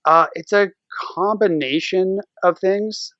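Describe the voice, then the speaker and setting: A man guest on a podcast, chatting casually and a bit haltingly with fillers. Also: sits high, dry recording, muffled recording. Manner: relaxed, rambling, hesitant with fillers. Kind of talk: casual interview chat.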